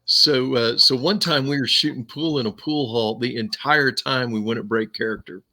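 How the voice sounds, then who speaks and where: In a relaxed podcast conversation, the male host tells lively stories and laughs a lot. He speaks at a moderate pace with a medium-pitched voice.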